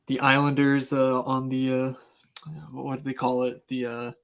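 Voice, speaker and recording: Flat, gravelly man fumbling for words. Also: mid-range voice, unhurried. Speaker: podcast co-host. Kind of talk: casual betting chat.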